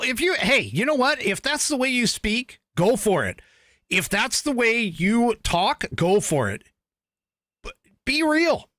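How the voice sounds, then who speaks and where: A man hosting a podcast, giving animated, exasperated commentary with frequent laughs. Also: high voice, no echo, studio quality. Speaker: podcast host. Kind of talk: opinionated commentary.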